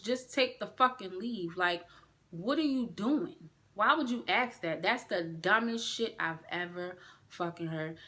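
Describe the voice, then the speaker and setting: Woman doing a storytime vlog, bright punchy voice, animated and cussing a lot. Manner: animated, profane, swings up in pitch when indignant. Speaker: vlogger. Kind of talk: storytime vlog, casual venting.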